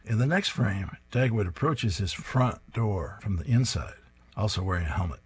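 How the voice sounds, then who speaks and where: A man's voice: fairly low pitch, animated, normal speed, a little hiss or hum. A man reading newspaper comic strips aloud, plainly describing each panel and reading the lines.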